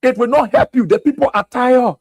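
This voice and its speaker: A man's voice: very high voice, a little fast, breathy edge, no echo. A Liberian man hosting a radio talk show, delivering fiery political commentary full of rhetorical questions. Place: radio studio.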